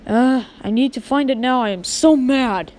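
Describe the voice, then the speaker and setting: A woman's voice: sits high, moderate pace, voice pushed down, natural voice. A woman voicing a cranky whiny kid. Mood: grumpy. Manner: whiny, shouting when frustrated. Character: hot-tempered boy hunting his lost toy. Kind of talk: homemade animated skit voicing.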